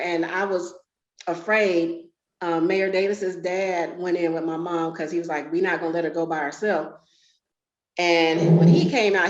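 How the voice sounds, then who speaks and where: A woman's voice: fairly low pitch, darkish tone. A woman, candidly telling a personal story in a conversational way. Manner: candid, conversational, emotional at times. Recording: roomy, dull lo-fi sound.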